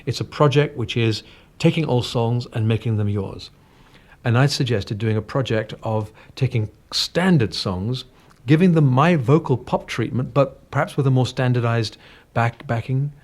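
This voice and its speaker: A man's voice: medium pitch, darkish tone. Older North London man, mid-range voice, chatty and self-deprecating, radio studio guest. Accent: English, slightly Cockney and northern. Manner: chatty, anecdotal, self-deprecating, frequent restarts. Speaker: guest singer. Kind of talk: casual interview chat.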